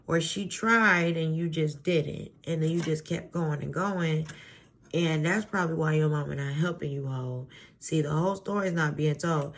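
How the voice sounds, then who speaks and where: A woman's voice: low-pitched, normal speed. A woman ranting in a casual commentary vlog, blunt and profane, exasperated, with lots of fillers, recorded on a phone at home. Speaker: vlogger. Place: at home, face cream on.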